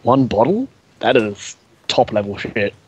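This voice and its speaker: A man running a tabletop game as game master, narrating scenes and ruling on the players' moves. His pitch rises and falls a great deal as he talks. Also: big pitch swings, measured pace, slightly rough, muffled recording.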